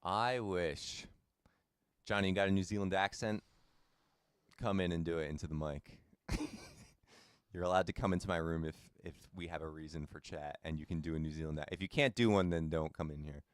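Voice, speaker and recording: Low-voiced man streaming a game. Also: fairly quick, no room sound, clean studio sound. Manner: chatty, laid-back, talks to chat by name. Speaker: streamer playing a game and chatting with viewers. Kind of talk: casual live-stream chat.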